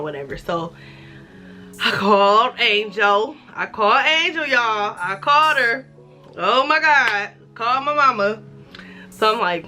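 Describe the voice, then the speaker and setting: A woman in her twenties telling a casual story-time vlog, animated and profane, acting out the dialogue. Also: a little high, moderate pace, faint music behind. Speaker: vlogger.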